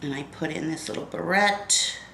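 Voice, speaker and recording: A woman's voice: deep voice, moderate pace, creaky, pushed and bright, reverberant, slight background noise, poor audio. A woman in her fifties, stuffy and congested, chatting casually to viewers while she styles her hair. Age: 50s. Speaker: beauty vlogger. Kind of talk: casual get-ready-with-me hair tutorial.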